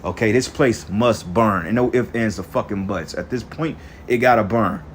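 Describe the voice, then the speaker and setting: A man's voice: on the low side, moderate pace, a little hiss or hum. A man preaching in an angry, profane rant, reading scripture verses and then commenting on them. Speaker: street preacher.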